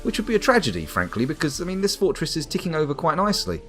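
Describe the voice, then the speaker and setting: A man's voice: fairly high pitch, huge pitch swings, racing. A man from the UK giving wry, rambling live commentary on a game while chatting to viewers. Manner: wry, rambling, talks to chat. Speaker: streamer. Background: faint background music.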